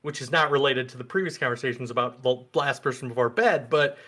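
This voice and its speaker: A man's voice: medium pitch, fast talker, fairly bright tone. A man co-hosting a podcast, going off on joking tangents in a casual discussion. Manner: teasing, goes off on tangents. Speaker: podcast co-host.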